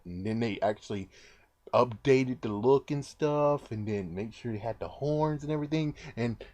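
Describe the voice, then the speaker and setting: A man reviewing books in a casual, rambling, excitable way, with mild swearing. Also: medium pitch, moderate pace. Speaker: book reviewer.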